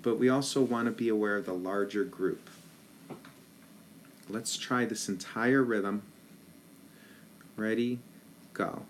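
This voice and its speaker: A man's voice: on the low side, measured pace, pauses often, slight background noise. A man teaching a rhythm lesson as a band director, patiently counting rhythms aloud in ta syllables.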